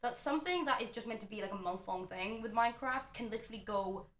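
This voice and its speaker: Bright quick woman streamer guest, animated and sweary, chatting in an echoey room. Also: a little high. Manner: animated, swears and laughs often. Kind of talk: casual podcast chat.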